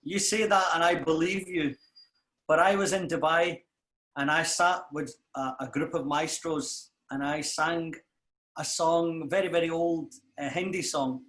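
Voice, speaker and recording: A man's voice: on the high side, a little slow, echoey room. A man with a Glasgow accent, a singer telling stories in a casual interview and acting out what others said. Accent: Glasgow Scottish. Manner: lively storyteller who acts out what others said.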